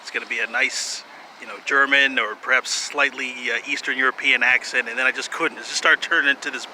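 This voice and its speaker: A man rambling to the camera in a put-on German accent. He talks haltingly, full of filler sounds and restarts, and swears bluntly. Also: medium pitch, steady tone, bright, forceful tone, slight background noise, rough recording. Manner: attempting a mock German accent. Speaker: vlogger.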